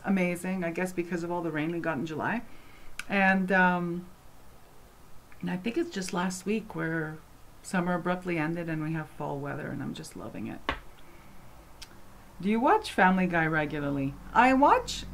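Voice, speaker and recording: A woman with a fairly low voice chats casually to camera from her home, answering viewer questions. She rambles through fillers and restarts, turning animated and passionate as she goes. A faint hiss sits underneath. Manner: animated and passionate when speaking. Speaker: vlogger answering fan questions. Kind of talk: casual chat.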